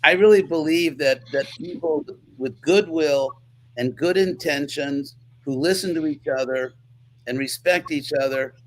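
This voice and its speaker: A man's voice: fairly high pitch, a little slow, poor audio. A man speaking as an interview guest, earnest and reflective, restarting his sentences often as he searches for words.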